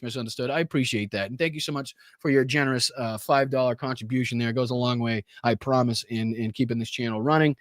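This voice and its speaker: A man's voice: medium pitch, dry recording. Male livestream host, casual and profane, with enthusiastic spikes; mid voice, dry close mic. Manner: loose and casual, swears often. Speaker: host of a political livestream show. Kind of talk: casual livestream chat, thanking viewers.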